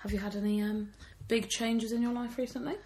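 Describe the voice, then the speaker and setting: Fast-talking chatty young woman. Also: on the high side, little pitch movement, a little mellow, slight background noise. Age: 20s. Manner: chatty, self-deprecating, laughs often. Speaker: podcast co-host. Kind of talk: casual chat.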